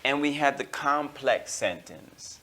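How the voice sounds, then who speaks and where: An American man teaching an English grammar lesson, slowing down on key terms and filling pauses with okay and all right. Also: medium pitch, expressive, pushed and bright. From United States. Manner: slows down to stress key terms.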